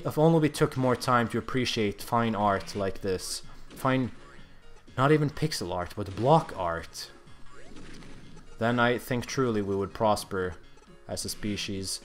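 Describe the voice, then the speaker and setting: A young man giving comedic gameplay commentary in a mock-solemn, grandiose deadpan manner. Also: medium pitch.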